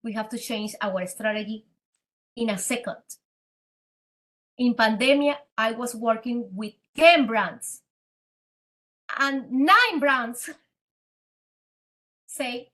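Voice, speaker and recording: A woman with a Spanish accent, a native Spanish speaker, telling her story as a guest in a podcast interview in an animated, dramatic way. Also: on the high side, slow, pauses often. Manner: animated, dramatic, acts out quoted dialogue. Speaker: guest entrepreneur.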